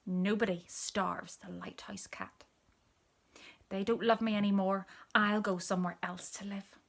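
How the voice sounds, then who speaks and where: A large, proud ginger tomcat grumbles to himself in a storybook, voiced by a woman reader. His lines come slowly and indignantly, in a husky, breathy near-whisper. He sounds sure he is the most important cat around. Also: mid-range voice, steady tone, fairly bright tone.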